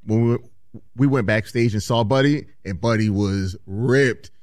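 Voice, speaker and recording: A man's voice: fairly low pitch, a little slow, darkish tone, no echo. A man co-hosting a radio show, chiming in with short casual comments. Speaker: radio co-host.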